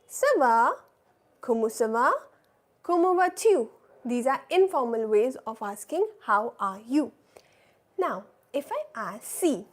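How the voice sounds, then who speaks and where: A woman teaching a live beginner French class, patiently repeating phrases for learners to echo and checking in with "right?" and "oui?". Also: a little high. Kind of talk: live online language class.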